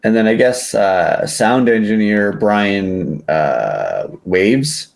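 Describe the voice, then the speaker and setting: A man with a lowish voice chatting casually as a podcast co-host. He rambles, stops and restarts with plenty of fillers. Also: lively intonation, very slow, vocal fry. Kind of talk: casual chat.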